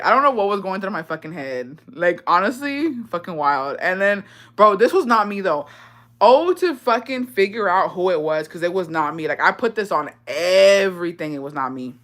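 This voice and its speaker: A woman's voice: medium pitch, lively intonation, moderate pace, fairly bright tone. A young woman vlogger telling embarrassing childhood confessions in casual, profane slang, often breaking into laughter.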